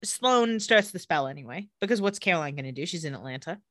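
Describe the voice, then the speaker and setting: A woman's voice: fairly low pitch, expressive, fairly bright tone, dry recording, clean studio sound. A woman co-hosting a podcast, recapping a TV episode in casual chat with sarcastic asides. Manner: sarcastic asides while retelling scenes, quick laughs.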